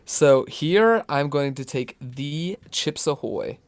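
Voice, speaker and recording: A man co-hosting a podcast in casual chat, animated and teasing, laughing often. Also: a little high, takes it slowly. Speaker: podcast co-host.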